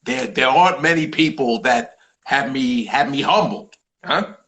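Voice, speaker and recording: A man voicing a charming, swaggering male movie star who talks haltingly with "huh?" asides. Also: mid-range voice, a bit bright, close to an everyday voice, low-quality recording. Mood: reverent.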